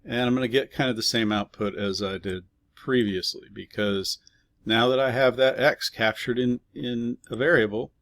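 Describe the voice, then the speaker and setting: Relaxed man explaining code, dry sound. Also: mid-range voice, moderate pace, no room sound. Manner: relaxed explaining with fillers and asides. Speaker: programming teacher. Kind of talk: casual screen-recorded coding lesson.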